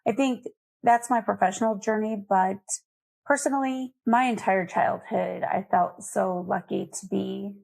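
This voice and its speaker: A middle-aged woman from Colorado, a guest on an interview, telling candid, lively stories from her life. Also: mid-range voice, measured pace, gravelly. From Colorado, USA. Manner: candid, lively anecdotes with laughter. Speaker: guest, nonprofit foundation CEO. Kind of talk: conversational storytelling.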